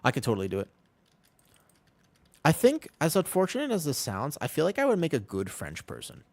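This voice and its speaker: A man's voice: fairly high pitch, wildly swooping pitch, fairly quick, gravelly, no echo. Joking man chatting on stream. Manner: chatty, joking, answers chat. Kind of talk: casual stream chat.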